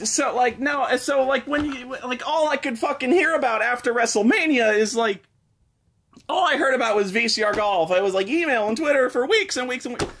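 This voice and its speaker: A man's voice: very high voice, creaky, a bit bright, a little hiss or hum. A young man reviewing a game in a sarcastic, exasperated rant full of swearing. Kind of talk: ranting comedic review.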